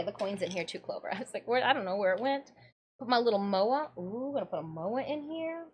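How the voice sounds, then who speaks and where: A woman from Michigan chatting casually on a live stream, an excitable storyteller who keeps breaking into laughter. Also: a little high, slight background noise. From Michigan, USA. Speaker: streamer and cosplayer.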